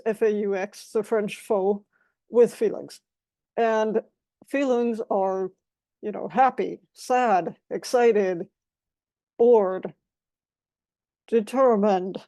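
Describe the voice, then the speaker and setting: Lady walking thru definitions step by step, mellow voice, dry sound, middle pitch. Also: dry recording. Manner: methodical, defines terms one by one. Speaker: guest speaker. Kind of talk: explanatory talk.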